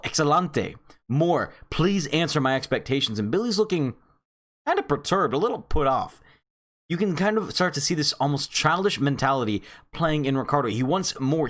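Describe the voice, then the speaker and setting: Upbeat man recapping a comic. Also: fairly high pitch. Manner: animated storytelling, addresses viewers as friends. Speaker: comic reviewer. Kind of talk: casual comic chapter recap.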